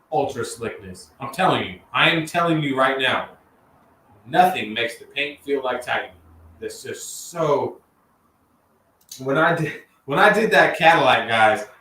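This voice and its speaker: A man speaking as a livestream guest, excited and chatty, who keeps saying "man" and "dude". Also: mid-range voice, measured pace. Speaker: guest detailer. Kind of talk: casual livestream chat. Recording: roomy, distant mic with faint background hiss.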